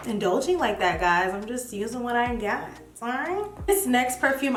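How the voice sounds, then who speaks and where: A young woman chatting casually to camera as she reviews perfumes, animated and playful. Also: a little high. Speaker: beauty vlogger. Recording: echoey room with faint music.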